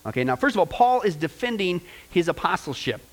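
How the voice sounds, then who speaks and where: A pastor preaching a sermon in an informal, rambling way, often checking in with "okay?" and "you know". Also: male voice, high voice, big pitch swings, fairly quick, poor audio. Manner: informal, rambling delivery with many okays and you-knows.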